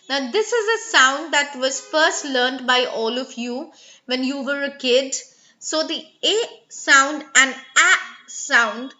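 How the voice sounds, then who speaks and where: High slow-spoken woman teaching pronunciation. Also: bright, forceful tone, dull audio. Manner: clearly enunciating model words; coaxing and praising students by name. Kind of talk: live online class instruction. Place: online live class.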